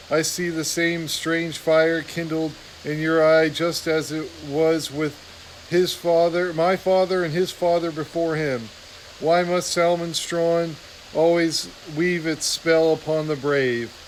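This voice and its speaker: A man reading a novel aloud, voicing a wise old female badger with slow, measured emphasis. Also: a little high, flat delivery, slight background noise, close to an everyday voice, poor audio. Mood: wistful.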